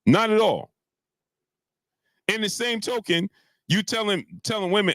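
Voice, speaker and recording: A man hosting a boxing live stream, ranting heatedly with many filler sounds and shouting out chat viewers. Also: high-pitched, unhurried, long pauses, dry recording. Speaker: boxing commentary host.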